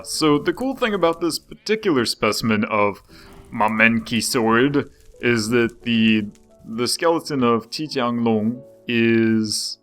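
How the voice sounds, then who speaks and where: A man's voice: mid-range voice, a bit bright. A young man casually commenting while playing a game, chatty and rambling, often breaking off mid-sentence. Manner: chatty, rambling, self-interrupting. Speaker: gaming video host.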